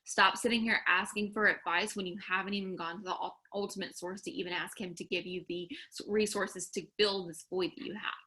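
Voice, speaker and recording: A woman with a lilt gives a casual faith talk in a bright, forward voice. She speaks candidly and earnestly, pressing her listeners with direct challenges and plenty of "like" and "um.". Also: on the low side, fairly even intonation, a little fast, few pauses. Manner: candid, earnest, exhorting, with many fillers.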